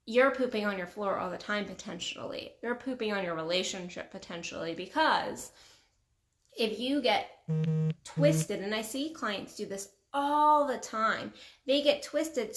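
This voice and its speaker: A woman relationship coach speaking straight to her viewers in an emphatic, casual way, repeating phrases for weight and slipping into quoted voices. Her voice sits a little high, and the room gives it a clear echo. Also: fairly bright tone. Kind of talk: casual vlog monologue. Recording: roomy echo.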